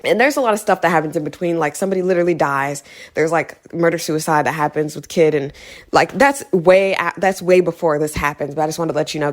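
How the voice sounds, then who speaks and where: A young woman giving a heated, exasperated casual recap of a movie, repeating points for emphasis. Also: lowish voice. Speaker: video creator.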